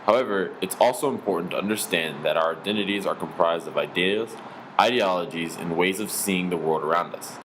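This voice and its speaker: A man with a deep, low-pitched voice reads scripted narration in a measured, explanatory way. Faint noise sits under his voice. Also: fairly bright tone.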